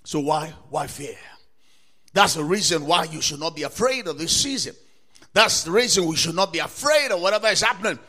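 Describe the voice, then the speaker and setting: A man preaching a sermon to listeners, asking rhetorical questions again and again, citing scripture verses and building up to emphatic shouts. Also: fairly high pitch, expressive, brisk. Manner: quotes and cites scripture verses. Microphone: recorded for broadcast to listeners or viewers.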